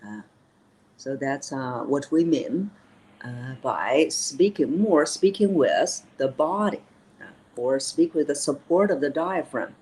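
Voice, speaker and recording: A woman's voice: sits low, lively intonation, slow pace, a little mellow, low-quality recording. A woman voice coach explaining vocal technique in an interview, with many "uh" fillers and key phrases repeated.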